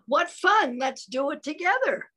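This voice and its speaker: A woman's voice: high-pitched, lively intonation, unhurried, a bit bright, voice pushed up. A woman storyteller plays a small boy pollywog who wonders about everything. His voice is earnest and eager, and it rises and falls a lot. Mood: excited. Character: little male pollywog, curious and eager.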